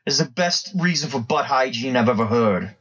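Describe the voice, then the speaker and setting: A man's voice: mid-range voice, animated, moderate pace, fairly bright tone, slightly rough, highs cut off. A man co-hosting a podcast, rambling through crude jokes in casual chat and laughing often. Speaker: podcast co-host.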